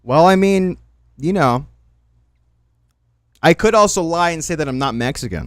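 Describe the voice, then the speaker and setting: A man's voice: on the high side, normal speed, dry recording, clean studio sound. A man hosting a livestream, ranting and joking in a casual, profane way. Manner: profane, animated, rambling rants. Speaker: livestream host. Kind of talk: casual stream commentary.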